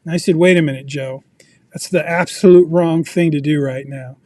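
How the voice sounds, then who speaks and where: High-voiced man teaching finance with questions. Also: steady tone, moderate pace, a little mellow, no room sound. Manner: asks the audience questions, storytelling. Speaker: personal finance presenter. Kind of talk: interactive teaching talk. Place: video meeting.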